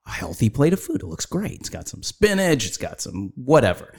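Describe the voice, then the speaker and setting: A man's voice: mid-range voice, a little fast, vocal fry, breathy edge. A man in his fifties, a fitness trainer hosting a casual talk, who tells stories animatedly and imitates other people. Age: 50s. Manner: animated, mimics other people's voices when telling stories. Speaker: podcast host and fitness trainer. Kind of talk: casual conversation.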